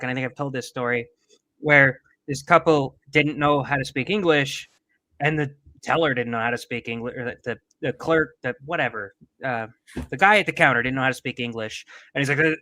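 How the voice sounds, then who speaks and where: A man's voice: mid-range voice, pushed and bright, dry recording. A man co-hosting a casual podcast chat, telling stories and laughing often. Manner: laughs often, tells stories with quoted asides. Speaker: podcast co-host.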